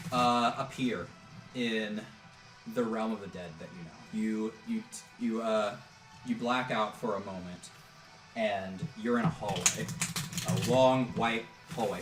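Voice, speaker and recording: A man narrating as game master of a tabletop game, halting, with many fillers and restarts. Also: lowish voice. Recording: roomy, distant mic, music behind.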